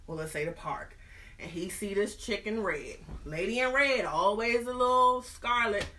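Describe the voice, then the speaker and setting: A woman host retelling a story in an animated, slangy, comic way. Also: mid-range voice, normal speed. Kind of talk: casual storytelling.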